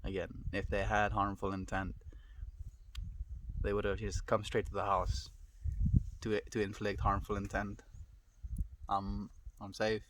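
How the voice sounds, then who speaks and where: A young man chatting calmly on his live stream, reassuring viewers and often calling them "my friend". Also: fairly low pitch, a little slow, long pauses, noisy background. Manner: calm, reassuring, says "my friend" a lot. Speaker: livestreamer. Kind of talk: casual live stream chat reading viewer comments. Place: at home.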